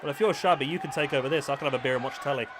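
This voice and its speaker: A man's voice: medium pitch, very fast. A young man streaming a wrestling game, chatting casually with his viewers in a self-mocking way. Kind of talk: casual live-stream chat and commentary. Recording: loud game crowd and background noise.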